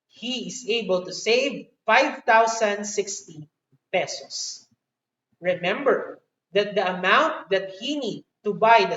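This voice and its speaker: A woman with a Filipino accent teaching a live online math lesson, slow and encouraging. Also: mid-range voice, a bit bright. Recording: echoey room, distant dull mic.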